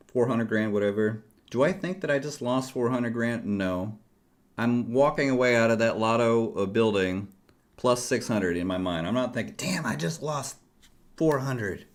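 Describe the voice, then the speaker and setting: A man's voice: medium pitch, moderate pace. A middle-aged man chatting casually on a livestream, rambling and jokey as he talks straight to his viewers. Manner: self-deprecating, jokey. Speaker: livestreaming futures trader.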